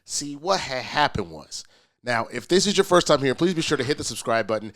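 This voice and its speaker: A man's voice: mid-range voice, fairly quick. Congested man hosting a pop culture show. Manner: casual and energetic, with frequent "uh" restarts. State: congested from a cold. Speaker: host.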